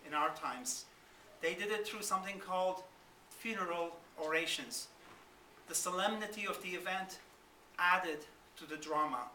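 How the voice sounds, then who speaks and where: Male orator, slow deliberate delivery, high ringing voice, caught from across an echoey hall. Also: bright, forceful tone, a little hiss or hum. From Turkish-ruled Kurdistan. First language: Kurdish. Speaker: guest speaker. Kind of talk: formal lecture oration. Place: university lecture hall. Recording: roomy hall, mic from far off.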